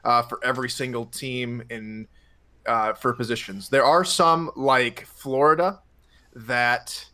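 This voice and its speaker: Male panelist, bright forceful voice, eager and slightly nervous. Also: medium pitch, fairly even intonation, takes it slowly. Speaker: guest panelist. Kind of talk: casual panel chat.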